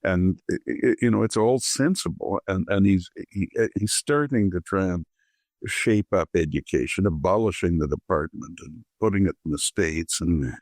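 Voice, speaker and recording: A man speaking as a guest author in an interview, giving measured political commentary with frequent restarts. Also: low voice, darkish tone, no room sound, studio quality.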